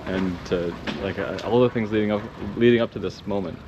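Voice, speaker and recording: A man vlogging while traveling, casual and excitable, rambling and swearing. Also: fairly low pitch, brisk. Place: outdoors and in temples while traveling. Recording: dull lo-fi audio with clear background noise.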